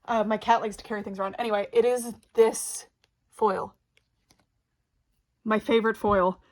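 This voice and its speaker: A woman casually chatting in a home vlog, excitable and gushing, laughing often, filmed on a phone. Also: mid-range voice, normal speed. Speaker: doll vlogger. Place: home room. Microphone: phone camera.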